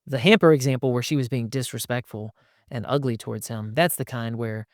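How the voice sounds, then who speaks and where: A man hosting a casual advice podcast, animated and slipping into quoted voices as he talks. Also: medium pitch, brisk, dry recording, clean studio sound. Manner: animated, acts out quoted lines in shifting voices. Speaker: podcast host.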